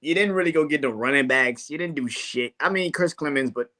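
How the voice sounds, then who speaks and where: Cohost dude, bright kinda high voice, cusses a ton, blunt and laughing it off. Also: male voice, a little fast. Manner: profane, blunt, laughs between remarks. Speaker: sports podcast co-host. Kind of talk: casual sports talk.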